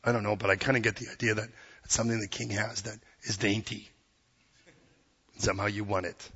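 A man preaching a sermon, earnest and plain-spoken, quoting scripture and acting out quick voices. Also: on the low side, little pitch movement, bright, forceful tone, husky, long reverb tail, dull audio.

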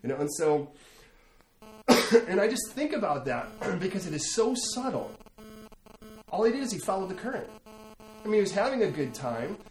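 Storytelling pastor in an echoey hall. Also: male voice, sits high, normal speed, long pauses, soft background music. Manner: storytelling, rising to animated emphasis. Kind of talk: sermon. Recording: echoey room, faint ambience.

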